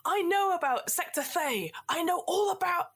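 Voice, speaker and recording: A woman voicing a blustering, defiant male pirate captain who shouts drawn-out proclamations. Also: very high voice, animated, voice pushed up.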